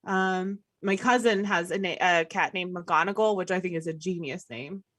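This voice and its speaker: A woman's voice: fairly low pitch, moderate pace, fairly bright tone, no room sound. A woman co-hosting a live podcast stream, chatting casually and joking with laughter. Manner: chatty, jokey, laughs often. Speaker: podcast co-host.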